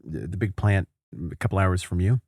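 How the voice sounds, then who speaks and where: A man's voice: low-pitched, expressive, moderate pace, a little mellow, slightly rough, no echo, clean studio sound. A man hosting a podcast in casual conversation, telling stories with animation and acting out the people he quotes. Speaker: podcast host.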